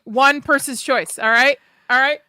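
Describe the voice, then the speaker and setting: Bright high-voiced woman host. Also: steady tone. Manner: brisk, moderating. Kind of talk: moderating a panel stream.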